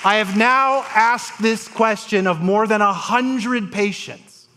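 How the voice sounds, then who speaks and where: Male transplant surgeon, stage storyteller, dramatic pacing, a touch high-pitched. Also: crowd noise, background noise. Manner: dramatic, uses pauses and voiced quotes. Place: conference stage before an audience.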